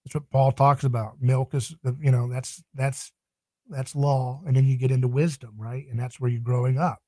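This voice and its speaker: A man's voice: mid-range voice, flat delivery, moderate pace, dark tone, no room sound. A man speaking as a podcast guest in a passionate, emphatic, preaching tone. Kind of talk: podcast interview.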